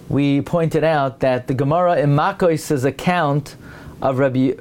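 A man giving a Torah lecture, weaving in many Hebrew and Aramaic terms, and his voice climbs as he builds each point. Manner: animated, rising pitch when building a point. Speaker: rabbi giving a Torah class.

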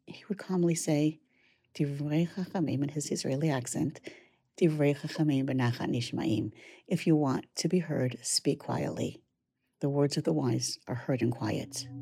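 A woman giving a measured, reflective study lesson, weaving Hebrew verses into English explanation. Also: low-pitched, vocal fry, dark tone, slightly rough, dry recording, studio quality. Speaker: Torah study teacher.

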